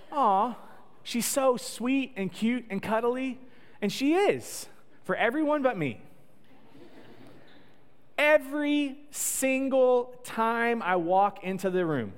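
A man's voice: high voice, smooth. A man preaching a sermon in a conversational, joking storytelling way. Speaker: pastor. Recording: long echo of a large hall.

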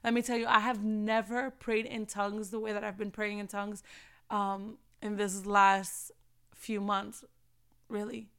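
A woman's voice: mid-range voice, little pitch movement, a little slow, fairly bright tone, smooth. A young woman giving a passionate faith-based motivational talk, preaching and repeating phrases for emphasis. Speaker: faith vlogger.

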